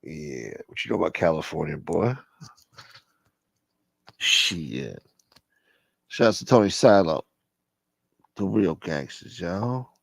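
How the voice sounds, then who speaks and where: A man's voice: low-pitched, expressive, takes it slowly, vocal fry, long pauses, no room sound. A man hosting a livestream chat, blunt and profane, laughing along with a guest. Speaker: livestream host. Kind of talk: casual chat.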